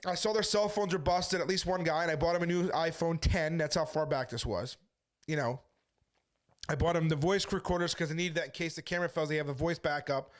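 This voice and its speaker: A man who is a street preacher, briskly telling a story to his viewers and quoting the back-and-forth as he goes. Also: on the high side, fairly even intonation. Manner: brisk retelling full of quoted back-and-forth. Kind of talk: casual storytelling monologue.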